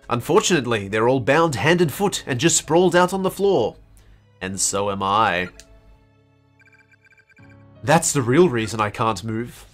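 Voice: mid-range voice, sing-song, normal speed, faint music behind. A streamer giving a dramatic reading of horror game text, theatrical and prone to acted pleading and screams. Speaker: let's play streamer.

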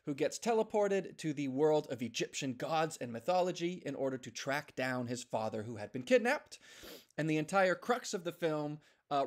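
Story artist pitching boards: lively, expressive man narrating and adding sound effects. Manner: animated, sound effects between lines.

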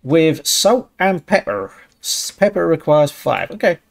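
Sweary man with a lively, jumpy voice. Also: unhurried, vocal fry. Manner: swears a lot, talks himself through the tasks; yelps high when things go wrong. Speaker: gaming channel host. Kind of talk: casual gameplay commentary.

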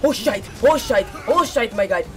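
Excitable woman streamer yelling at a game. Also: a little high. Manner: excitable, yells at the game, repeats phrases rapidly. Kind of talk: live gameplay commentary. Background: game music.

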